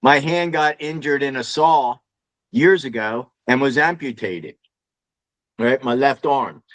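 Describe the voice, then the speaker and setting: Slow-talking man, folksy inventor. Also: mid-range voice, fairly bright tone, no room sound, rough recording. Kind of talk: casual personal story on a video call.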